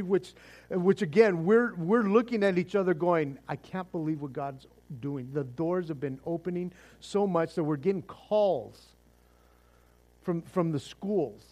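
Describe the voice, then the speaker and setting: A man's voice: high voice, a little mellow. A man preaching a sermon as pastor, fervent and casual, often repeating words as he restarts.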